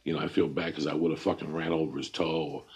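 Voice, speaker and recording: A man hosting a podcast, telling a story in a casual, profane, animated way. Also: rumbling low, quick pace, husky. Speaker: podcast host.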